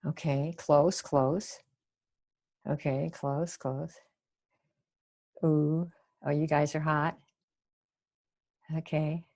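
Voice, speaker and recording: A woman with a fairly low voice coaching a live online class. She talks in a chatty, coaching way and breaks off to answer viewers' comments. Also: little pitch movement, extremely slow, long pauses, a little mellow. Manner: chatty, coaching, reacts to chat, acts out sample phone lines. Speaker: sales coach. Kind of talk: live webinar teaching.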